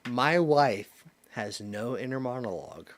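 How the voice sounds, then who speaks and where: A man's voice: medium pitch, expressive, a little slow. Rambling young man chatting casually. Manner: rambling, heavy use of "like". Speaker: streamer host. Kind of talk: casual chat.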